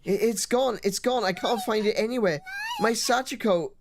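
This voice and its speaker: A woman's voice: fairly high pitch, normal speed, background noise, voice pushed up, close to an everyday voice. A woman voicing an anxious teenage schoolgirl who talks in a worried, pleading way. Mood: distressed.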